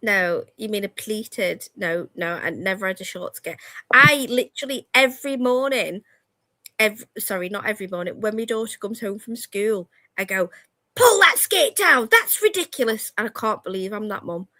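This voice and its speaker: A woman co-hosting a radio show chats casually, telling stories about her kids and laughing often, using dialect forms like "me" for "my". Her voice is medium-pitched with a sharp tone at normal speed, in a dry recording.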